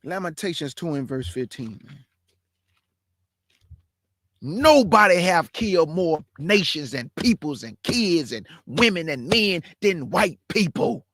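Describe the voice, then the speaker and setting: A man's voice: on the high side, big pitch swings, measured pace, a bit bright, no room sound, clean studio sound. A man hosting his own stream, talking in a fiery, preachy way, repeating his points and calling his listeners family. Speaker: show host. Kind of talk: impassioned livestream commentary.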